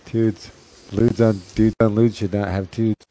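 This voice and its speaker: A man with a somewhat low voice rambles through a casual hangout chat. He laughs a lot and swears freely. A faint hiss sits under the recording. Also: little pitch movement, unhurried, dark tone. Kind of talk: casual stoned banter.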